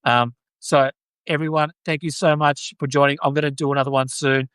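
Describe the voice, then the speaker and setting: Aussie guy rambling on his live stream, kinda high voice, earnest, dry close sound. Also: level tone, brisk, fairly bright tone, smooth, no echo. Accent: Australian. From Australia. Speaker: podcast host. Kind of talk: casual live-stream chat.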